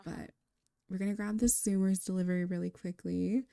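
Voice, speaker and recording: A woman's voice: fairly low pitch, little pitch movement, a little fast, creaky, no echo. A young woman narrating a life-sim game story in a casual, chatty way, laughing often, on a close mic. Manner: chatty and warm, with frequent laughs and fillers. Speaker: gameplay storyteller.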